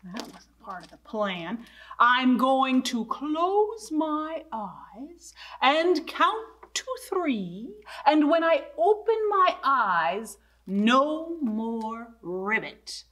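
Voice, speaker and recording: Woman, children's librarian, picture-book read-aloud, playful animal sounds, high voice, unhurried. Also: big pitch swings, fairly bright tone.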